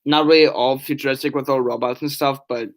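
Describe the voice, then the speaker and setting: A man's voice: mid-range voice, steady tone, fairly quick. A tired young man chatting on a casual live stream, reading chat aloud and rambling with many restarts and fillers. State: yawning, tired.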